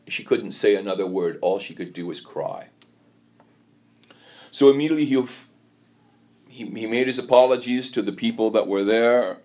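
A man with a fairly low voice preaches in a church. He tells a story and stumbles as he goes, repeating words and starting over. His delivery is unpolished and heartfelt. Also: normal speed, pauses often, darkish tone. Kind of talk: sermon.

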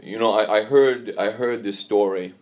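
A man giving a sermon in a church, telling a story in a halting way and often repeating words. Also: on the low side, a little mellow.

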